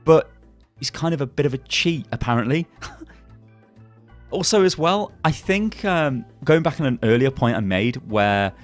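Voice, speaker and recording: A man's voice: medium pitch, lively intonation, moderate pace, soft background music. A man hosting a gaming channel, ranting angrily with heavy swearing and frequent restarts. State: angry. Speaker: YouTube gaming channel host. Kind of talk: angry commentary video.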